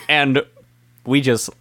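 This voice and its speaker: A man's voice: mid-range voice, drawn-out words, sharp tone. A man chatting casually about a video game with a friend, laughing often and now and then breaking into silly singing.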